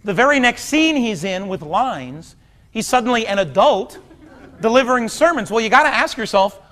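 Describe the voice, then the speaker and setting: A man in his thirties doing stand-up comedy on a theater stage, talking wryly and conversationally, then breaking into loud outbursts. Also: very high voice, animated, moderate pace. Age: 30s. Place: theater stage before a large audience. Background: audience laughter.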